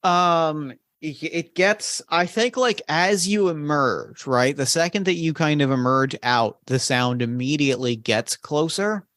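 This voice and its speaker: A man narrating a tabletop game as game master, in a halting way, often restarting his sentences. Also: fairly high pitch, a bit bright, no echo. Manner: halting, full of restarts and fillers.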